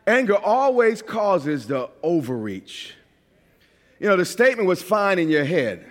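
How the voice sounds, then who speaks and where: A man from New York preaching a sermon as a pastor, animated and at times shouting. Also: high-pitched, a little slow, big-room sound.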